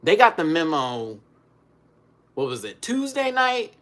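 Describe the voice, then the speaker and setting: A man ranting casually on camera, swinging between loud outbursts and hushed muttering, still recovering from an illness. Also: on the high side, huge pitch swings, a little slow. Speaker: vlogger.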